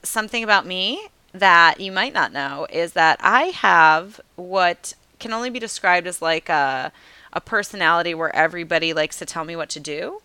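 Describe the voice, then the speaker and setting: A woman's voice: fairly low pitch, moderate pace, pushed and bright, clean tone, dry recording. A woman co-hosting a podcast in casual chat, telling stories about herself with self-mocking humor. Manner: chatty storyteller, laughs often, self-mocking. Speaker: podcast co-host.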